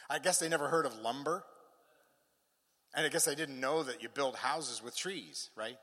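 A man's voice: a little high, animated, takes it slowly, long pauses, pushed and bright. A man preaching a sermon, emphatic, with rising and falling cadence and touches of humor. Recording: long hall reverb.

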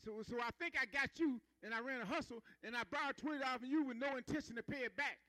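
A man's voice: very high-pitched, fast talker, bright, forceful tone, no room sound, rough recording. A man preaching a sermon in a conversational style, calling for responses from the congregation and building rhythmic emphasis.

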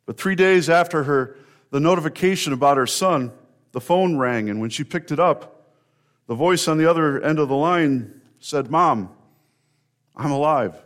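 Earnest man preaching an Easter sermon. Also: fairly high pitch. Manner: earnest storytelling with rising emphasis and pauses. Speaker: pastor.

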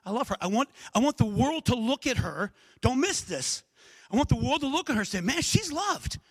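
Husky animated male preacher. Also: very high voice, a little fast, no room sound. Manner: animated, conversational preaching with frequent "all right?" asides. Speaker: pastor. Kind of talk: sermon.

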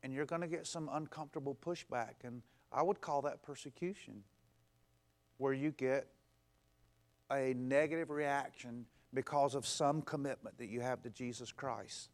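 A pastor preaching a conversational sermon, stacking emphatic, repeated phrases and acting out what people say. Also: male voice, mid-range voice, fairly even intonation, moderate pace. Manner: repetitive, emphatic build-ups.

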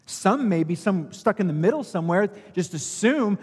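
A pastor with a slightly high, husky voice preaches an expository sermon in a conversational way. He builds his points with everyday analogies and rises in force to stress them. His voice rings out with the long reverb of a large hall. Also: animated, normal speed, hardly any pauses. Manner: conversational, explains by analogy, swells in emphasis.

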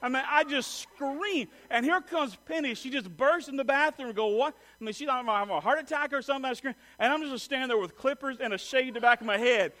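A middle-aged man preaching a sermon, telling a funny personal story in an animated way and joking with the congregation. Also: very high voice, fairly quick, few pauses. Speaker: pastor.

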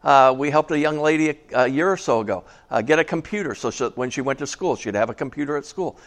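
A man's voice: a little high, fast. A man preaching a casual sermon to a small church, chatty and joking, asking the congregation questions. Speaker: pastor.

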